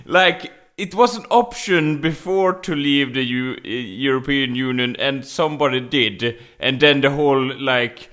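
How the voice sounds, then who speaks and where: Halting man with a bright voice. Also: mid-range voice. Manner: halting, repeats words, laughs often. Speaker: podcast co-host. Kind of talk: casual podcast chat.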